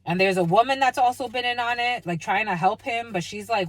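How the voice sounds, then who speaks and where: A woman's voice: fairly high pitch, fairly quick, few pauses. A woman giving a spiritual energy reading in a blunt, foul-mouthed way, laughing now and then. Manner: blunt, swears constantly, laughs at her own reading. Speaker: spiritual reader. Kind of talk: profane channeled energy reading.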